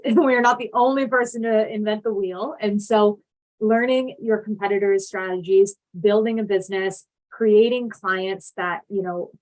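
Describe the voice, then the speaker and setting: A woman's voice: mid-range voice, poor audio. A young adult woman giving a casual, friendly presentation over a video call, speaking with plenty of ums and easy fillers. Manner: friendly, upbeat, lots of fillers. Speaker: speaker presenting to an online summit. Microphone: video call mic.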